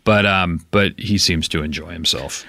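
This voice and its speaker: Casting: lowish monotone man, halting and deadpan, crisp dry studio sound. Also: dry recording. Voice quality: slow, dull monotone. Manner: halting, full of fillers. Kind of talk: casual comedic chat.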